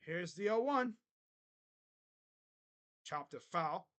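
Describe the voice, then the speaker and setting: Brash high-voiced man calling baseball. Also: animated, very slow, a bit bright. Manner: brash, trash-talks chat between pitch calls. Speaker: live stream play-by-play host. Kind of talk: casual live reaction play-by-play. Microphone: close desk streaming mic.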